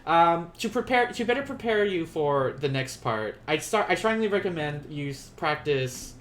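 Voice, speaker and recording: A man teaching a beginner Japanese lesson on a live stream, chatty and quick to laugh, often correcting himself mid-sentence. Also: on the high side, lively intonation, a bit bright, a little hiss or hum.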